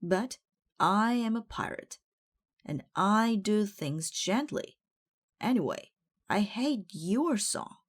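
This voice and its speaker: A woman reading the lines of a gentle but stubborn pirate first mate in a children's storybook, in a lifted, pert tone. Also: medium pitch, animated, slow pace, pitched above the performer's own voice.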